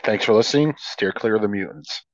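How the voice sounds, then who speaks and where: A man's voice: on the low side, a little fast, dull audio, a crowd in the background. A man co-hosting a podcast in casual chat, joking and teasing with profane affection. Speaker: podcast co-host.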